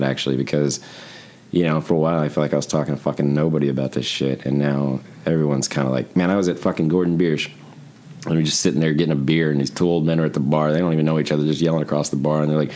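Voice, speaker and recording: A man co-hosting a casual podcast conversation, rambling, swearing often and acting out other people's lines as he tells stories. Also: extremely low pitch. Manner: profane, rambling, animated storytelling. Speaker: podcast co-host.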